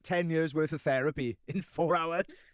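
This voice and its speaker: Jokey bloke teasing his mates, voice a bit on the high side. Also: moderate pace, no echo, clean studio sound. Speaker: podcast co-host. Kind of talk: casual chat.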